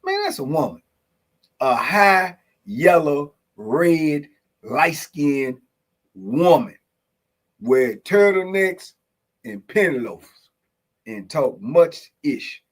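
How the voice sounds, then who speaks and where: A man's voice: on the high side, sing-song, takes it slowly, long pauses, low-quality recording. A man hosting a morning podcast in casual banter, laughing often as he reacts to his chat. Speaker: podcast host. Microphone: podcast mic.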